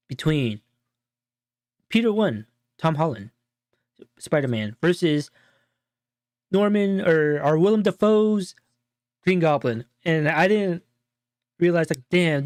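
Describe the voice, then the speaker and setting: A man co-hosting a show, casually breaking down a movie in a rambling, animated retelling full of fillers. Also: on the high side, no echo, clean studio sound. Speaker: show co-host.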